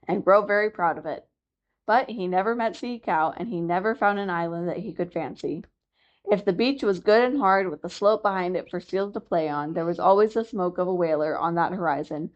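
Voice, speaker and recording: A woman narrating a classic chapter book aloud for a library reading program, in a clear, steady storytelling manner. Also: lowish voice, lo-fi sound. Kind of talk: audiobook narration.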